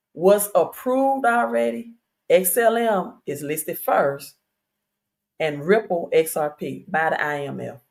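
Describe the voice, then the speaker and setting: A woman hosting a casual livestream, talking straight to her viewers in a chatty, insistent way with fillers and repeated questions. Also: low voice. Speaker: crypto livestream host. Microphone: streaming setup.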